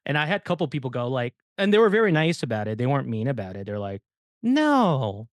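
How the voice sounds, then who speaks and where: Animated storytelling man, dry close mic. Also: mid-range voice, very fast, dry recording. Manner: animated storyteller, acts out quoted dialogue. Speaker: podcast host. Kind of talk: casual podcast chat.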